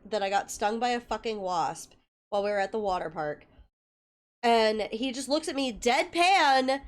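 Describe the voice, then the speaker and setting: A young woman chatting casually with her viewers as a livestreamer, telling stories and swearing freely. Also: on the high side. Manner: chatty storytelling with frequent swearing; greets viewers by name.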